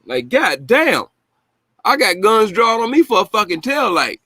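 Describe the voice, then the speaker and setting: A man in his own casual commentary, heated and full of swearing. His voice sits a little high, and the sound is dry and close, with almost no room echo. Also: very animated, a little slow, sharp tone. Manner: indignant, heated, swears freely. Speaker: host reacting to news clips.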